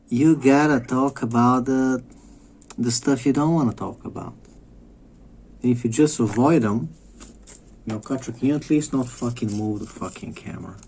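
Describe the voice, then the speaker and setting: A man's voice: medium pitch, a little mellow, slight background noise. A man from Bulgaria, ranting in a rambling monologue, swearing often and repeating himself. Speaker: vlogger. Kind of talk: profane monologue rant.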